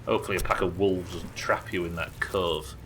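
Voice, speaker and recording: A man commentating his own live game stream, excitable, swearing and talking to his chat. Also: low voice, fairly quick, slight background noise.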